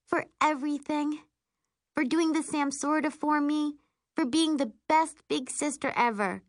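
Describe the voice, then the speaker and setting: A woman's voice: high voice, unhurried, no room sound, studio quality, voice pushed up. Woman doing a sweet younger sister. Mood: grateful.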